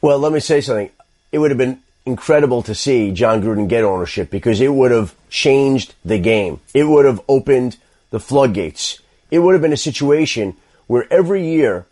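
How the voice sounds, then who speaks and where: A man on sports radio, measured and explanatory, laying out football league insight and repeating his key points. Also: mid-range voice, a little mellow. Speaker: football insider.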